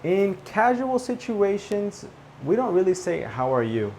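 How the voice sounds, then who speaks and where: Slow, clear male English teacher. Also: sits high, sing-song, a little mellow, a little hiss or hum. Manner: slow, clear teaching delivery with repeated example phrases and frequent "okay?" checks. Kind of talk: spoken English lesson for learners.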